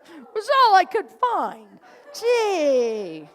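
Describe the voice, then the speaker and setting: A woman's voice: extremely high pitch, wildly swooping pitch, drawn-out words, fairly bright tone. A woman minister giving a sermon, telling a story with jokes and acting out the people she quotes. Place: church sanctuary. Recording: hall reverb.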